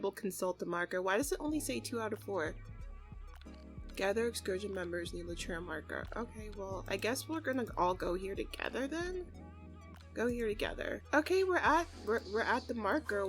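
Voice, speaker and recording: A young woman giving casual gameplay commentary as a let's play host, bubbly and excitable, often laughing and squealing. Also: mid-range voice, moderate pace, soft background music.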